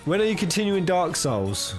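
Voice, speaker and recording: A man's voice: high voice, sing-song, normal speed. A young man streaming a game, chatting casually, teasing himself and laughing often. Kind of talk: live let's-play commentary. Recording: game music underneath.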